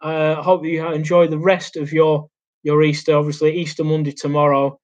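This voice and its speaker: A young man chatting through a live Q&A at his laptop in a small home studio. His voice sits fairly high for a man. He rambles and hesitates, with lots of ums and restarts along the way. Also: monotone, moderate pace, darkish tone, lo-fi sound. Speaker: YouTube host. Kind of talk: casual live Q&A chat. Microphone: laptop mic.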